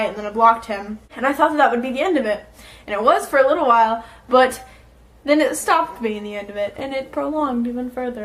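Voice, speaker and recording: A woman's voice: fairly high pitch, a little fast, a bit bright. A woman vlogger telling a casual storytime in an exasperated, sarcastic and heavily profane manner.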